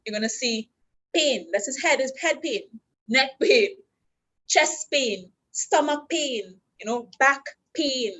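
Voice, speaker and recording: A woman's voice: fairly high pitch, low-quality recording. A woman with a Trinidadian accent teaching basic sign language step by step at a university orientation, patient and instructional. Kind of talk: teaching a class.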